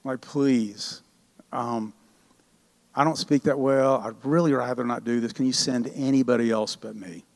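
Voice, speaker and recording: A man's voice: medium pitch, steady tone, measured pace, creaky, voice pushed down. A man voicing a reluctant, anxious male prophet who hesitates and stammers. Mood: pleading.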